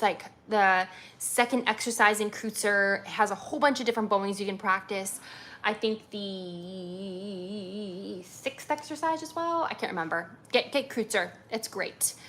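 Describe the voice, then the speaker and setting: Bright, chatty American woman violinist. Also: medium pitch. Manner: chatty, full of ums and likes, enthusiastic. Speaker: violinist answering live chat questions. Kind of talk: casual livestream Q&A.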